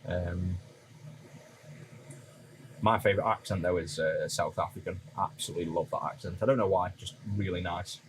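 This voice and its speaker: Stoke lad with a deep voice, rambly relaxed chat with viewers, soft hiss behind. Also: male voice, moderate pace, pauses often. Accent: Stoke-on-Trent (Potteries). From Stoke-on-Trent, England. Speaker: streamer repairing retro consoles. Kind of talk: casual live-stream chat while soldering.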